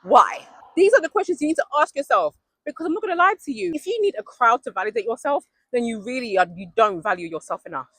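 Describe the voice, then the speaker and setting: A young adult woman, giving an emphatic, animated motivational vlog outdoors while out walking, laughing often. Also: a little high, fast talker, hardly any pauses, slightly rough, dry recording, rough recording. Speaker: vlogger. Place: outdoors on a walk. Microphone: mic worn while walking.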